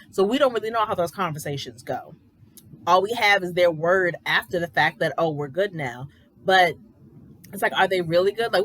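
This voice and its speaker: Woman, young adult, lower-pitched voice, chatty and emphatic reality-show recapper. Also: fairly bright tone. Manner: opinionated, conversational, emphatic. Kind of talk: casual commentary.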